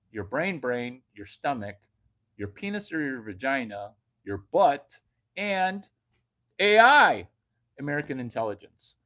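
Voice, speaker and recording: Brash man doing a slow stand-up monologue. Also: fairly high pitch. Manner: brash, jumps between whispers and sudden loud outbursts. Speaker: comedian.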